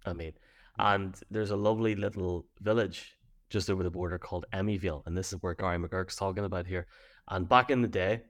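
A man's voice: low-pitched, steady tone, brisk, a bit bright. An Irish man co-hosting a casual chat show, reading out listener messages and laughing easily as he tells stories. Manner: chatty, laughs easily while telling stories.

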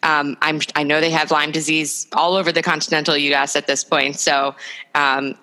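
Interview guest, female, from the US Northeast, very low pitch with a bright, crisp edge, thoughtful. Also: level tone, moderate pace, poor audio. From northeastern United States. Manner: thoughtful, with frequent "um"s, explanatory. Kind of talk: interview conversation.

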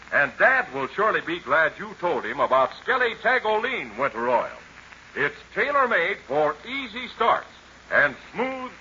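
A man announcing a 1930s radio serial, folksy and peppy in the sponsor pitch. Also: bright, forceful tone, a little hiss or hum. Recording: muffled old radio recording.

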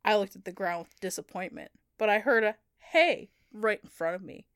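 A woman's voice: medium pitch, moderate pace, fairly bright tone, clean tone, dry recording, studio quality. A young woman co-hosting a comedy podcast, reading fan fiction aloud and often breaking into laughter.

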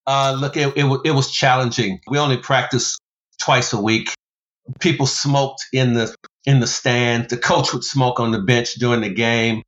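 An American man telling stories as an interview guest, his voice sitting at an ordinary middle pitch. He speaks animatedly and leaps upward for emphasis. The audio is a little dull and muffled. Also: normal speed. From United States. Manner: animated storyteller, big pitch jumps for emphasis. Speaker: guest, former pro basketballer and motivational speaker. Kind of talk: storytelling interview.

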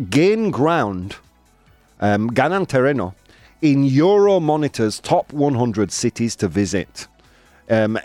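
A man's voice: medium pitch, darkish tone, no room sound. A man hosting a live show in casual chat, playful and laughing, mixing in Spanish phrases. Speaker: host of a live daily show. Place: studio in Madrid.

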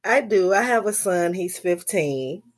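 A woman's voice: on the low side, animated, unhurried, dry recording, clean studio sound. A woman guest on a podcast, slightly under the weather, giving short upbeat answers. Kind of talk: casual interview chat.

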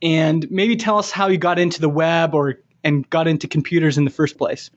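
Higher-voiced male podcast host. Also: steady tone, a little fast, muffled recording. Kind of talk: casual interview.

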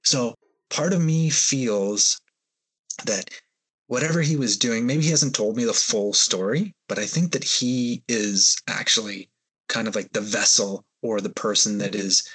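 A man's voice: mid-range voice, a little slow, a bit bright, breathy edge. A man, a guest on a podcast, tells a personal story in a hesitant, rambling way with many fillers. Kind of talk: storytelling in an interview.

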